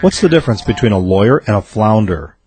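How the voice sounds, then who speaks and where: A man reading a series of jokes aloud in a steady storytelling delivery. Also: lowish voice, fast talker, loud music behind the voice. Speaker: joke teller.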